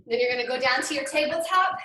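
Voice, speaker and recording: A woman's voice: high voice, quick pace, sharp tone, slight background noise. A woman fitness trainer leading a live home workout, upbeat and counting reps, often out of breath. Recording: echoey room, far from mic.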